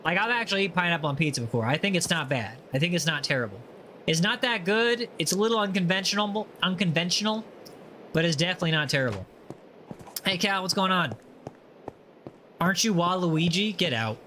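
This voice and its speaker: A man hosting a relaxed gaming livestream, chatting casually and teasing viewers as he reads their messages aloud. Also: high voice, fairly quick, a little hiss or hum. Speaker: livestream host. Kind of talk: casual chat while gaming.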